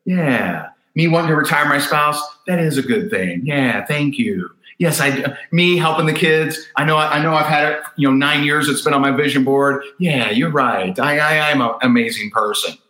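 A man's voice: fairly high pitch, moderate pace, few pauses, bright, forceful tone, echoey room, poor audio. A man putting on the voice of a sentimental, self-admiring man who coos and sighs over his own good intentions. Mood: self-satisfied.

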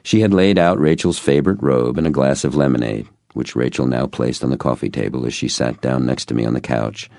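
Gravelly, very deep male narrator. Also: fairly quick, hardly any pauses, a little mellow, no room sound, studio quality. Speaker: audiobook narrator. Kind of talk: scripted first-person narration.

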